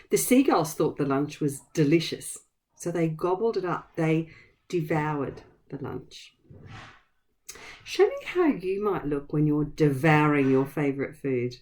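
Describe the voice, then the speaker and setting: Slow, lively woman teacher for kids. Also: low-pitched. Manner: encouraging, speaks slowly and clearly to kids. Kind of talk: vocabulary lesson for young children.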